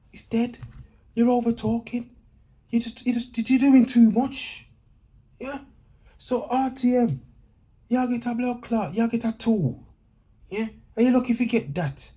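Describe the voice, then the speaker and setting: Ranting man, mellow voice. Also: high voice, animated, normal speed, husky. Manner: ranting, slangy, mixes in patois phrases. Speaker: podcast reviewer. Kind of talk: blunt opinion review.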